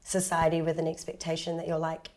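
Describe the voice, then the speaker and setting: A young woman on a panel, chatting casually and telling lively stories about growing up abroad, acting out quoted voices. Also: low voice, quick pace. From Tongan South African, raised partly in Japan. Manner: animated storytelling, acting out quoted voices with laughs.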